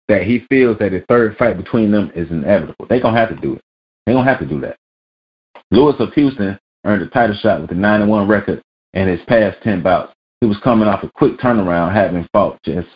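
Low-voiced profane sports ranter. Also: male voice. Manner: blunt, profane, reads news aloud. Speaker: vlog host. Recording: dull lo-fi recording.

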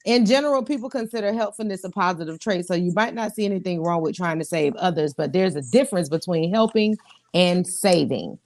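A woman co-hosting a casual talk show, animated and laughing often. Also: lowish voice, brisk. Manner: animated, laughs often, talks to the audience directly. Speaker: podcast co-host. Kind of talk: casual chat.

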